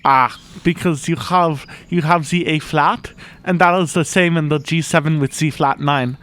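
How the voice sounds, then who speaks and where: A man's voice: on the high side, fairly even intonation, moderate pace, a bit bright, close to an everyday voice. A man playing an eccentric, emotional music professor who rambles earnestly, with odd phrasing, in an improvised comedy interview.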